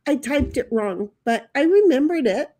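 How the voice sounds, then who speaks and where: Woman streamer chatting away, reads chat out loud, giggly and rambly, kinda high voice. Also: expressive, moderate pace. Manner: rambling, laughs often, breaks into sung jingles. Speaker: livestream host. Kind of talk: casual chat, reading viewer comments aloud.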